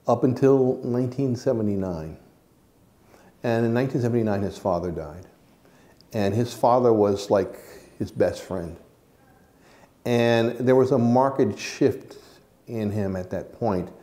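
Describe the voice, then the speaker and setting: A man's voice: fairly low pitch, mellow. A man, a jazz musician, recalling memories in an earnest, reflective way during an interview. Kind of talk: storytelling interview.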